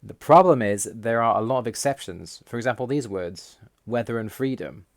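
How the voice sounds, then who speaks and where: A man giving a scripted voice-over explanation, reading out word lists slowly and in a measured way. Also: medium pitch, no echo, clean studio sound. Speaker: language learner explaining Russian.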